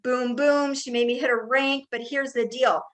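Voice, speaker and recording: A woman's voice: sits high, fairly even intonation, normal speed, a little hiss or hum, low-quality recording. An older woman giving a motivational talk on building a sales team, telling personal stories with emphatic repetition. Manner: emphatic, storytelling, repeats phrases for effect. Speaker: network marketing speaker.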